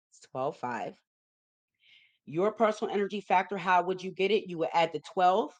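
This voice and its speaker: A woman hosting a numerology forecast video, talking through slides in an emphatic, repetitive way and often checking in with listeners. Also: lowish voice. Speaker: numerology forecaster, show host.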